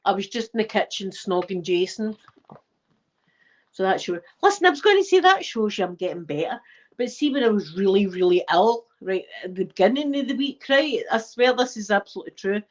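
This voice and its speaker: A woman's voice: mid-range voice, expressive, brisk. An older woman with a Scottish accent, chatting cheekily at home while short of breath. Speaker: channel host. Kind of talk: casual chat. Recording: slightly dull lo-fi recording.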